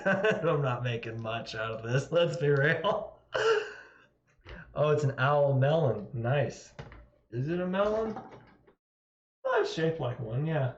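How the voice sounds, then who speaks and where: A man's voice: medium pitch, very animated, slow, pauses often, slight background noise. A man chatting casually with viewers on a live stream, rambling and self-mocking and laughing often, from home. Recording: roomy, dull lo-fi sound.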